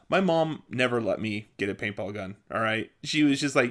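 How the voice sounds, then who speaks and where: A young man rambling through childhood stories in a casual vlog, often laughing and jumping loud and high when he acts out what people said. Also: brisk, hardly any pauses. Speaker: vlogger. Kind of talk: casual storytelling monologue.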